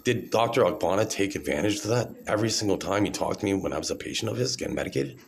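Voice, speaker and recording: A man's voice: low-pitched, lively intonation, fast, vocal fry, slight background noise. A man in his forties talking alone to a phone camera in a rambling monologue, often tagging his points with "right?".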